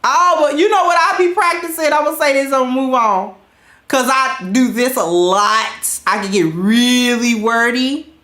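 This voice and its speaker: A woman with gives casual advice. She talks in a high, unhurried voice, laughs often and acts out little scenes. The room around her sounds echoey. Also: fairly bright tone. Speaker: podcast host.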